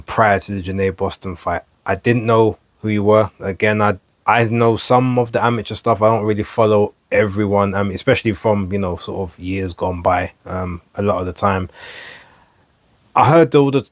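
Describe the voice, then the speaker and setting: Male vlogger, lowish voice, rambling and self-correcting, dry close recording. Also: dry recording. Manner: rambling, self-correcting, stumbles over names. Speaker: boxing vlog host. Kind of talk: casual solo commentary to camera. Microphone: camera mic.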